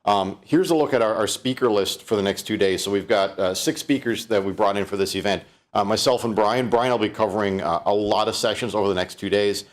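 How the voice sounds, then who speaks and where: A man's voice: fairly low pitch, fairly quick, hardly any pauses. A middle-aged man from Canada presenting a live-streamed keynote, chatty and loose, with frequent fillers and restarts. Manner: conversational, fillers, many restarts.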